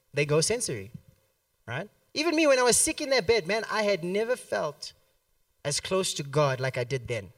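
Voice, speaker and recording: A man's voice: high voice, no room sound, distant mic. A man preaching a sermon at a church service, telling a story and acting out the quotes with plenty of laughter. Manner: animated, acts out quotes, laughs often.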